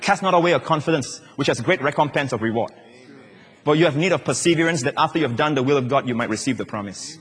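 A male pastor preaching a sermon to a church, dropping at times into soft, slow, hushed repetitions. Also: mid-range voice, expressive, slightly rough. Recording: long reverb of a large hall.

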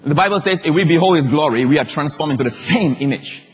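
A male pastor preaching a sermon in an emphatic way, repeating phrases and moving between shouts and quiet asides. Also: a little high, expressive, fast, slightly rough, soft background music. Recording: long reverb of a large hall.

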